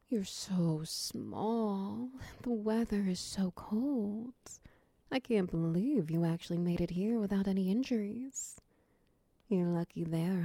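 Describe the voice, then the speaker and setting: A big, protective, doting lover, voiced by a woman murmurs in a whispered role-play, unhurried and soft. The voice is low-toned and gravelly, with a mellow, warm color. The recording sounds close and dry. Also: no echo, full character voice. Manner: slow, soft, cooing and teasing, drifting into whispers. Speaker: voice actor in audio role-play.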